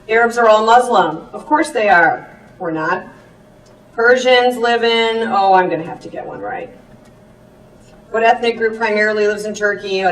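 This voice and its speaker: A woman teacher giving a chatty presentation with quick asides. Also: medium pitch. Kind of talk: classroom presentation. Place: presentation room. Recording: echoey room, far from the mic.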